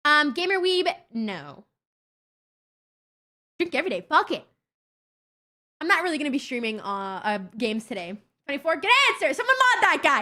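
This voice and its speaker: A young woman streamer chatting casually with her viewers, blunt, excitable and swearing constantly. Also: high voice, moderate pace, pauses often. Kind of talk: casual livestream chat with viewers.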